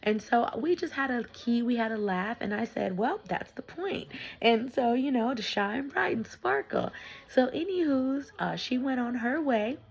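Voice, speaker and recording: A woman tarot reader chatting animatedly through a casual vlog story, slangy and excited. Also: a little high, moderate pace, gravelly, poor audio. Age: adult with young children.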